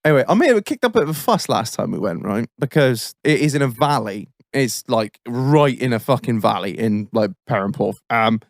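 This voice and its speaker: This man's animated medium-pitched voice runs a little fast with few pauses as he hosts a podcast. He tells a long, rambling story full of swearing and frequent laughs, recorded dry at studio quality.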